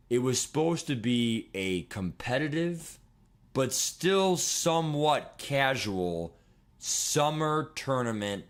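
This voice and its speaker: A man in his twenties chatting casually on a livestream, rambling and excitable, swearing and laughing as he talks. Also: mid-range voice. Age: 20s. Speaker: streamer.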